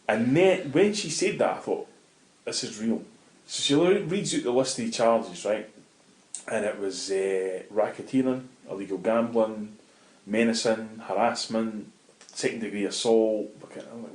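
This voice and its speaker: A man's voice: fairly low pitch, unhurried, darkish tone. A middle-aged Scottish man telling a vivid, swear-laden story as an interview guest in casual talk. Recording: roomy echoey room.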